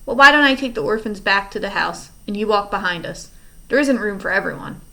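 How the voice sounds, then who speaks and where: A woman doing a sly, smooth-talking scheming man. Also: mid-range voice, animated, a little fast, bright, forceful tone, poor audio. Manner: smooth and oily, then menacing. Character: scheming adult man in disguise, falsely polite.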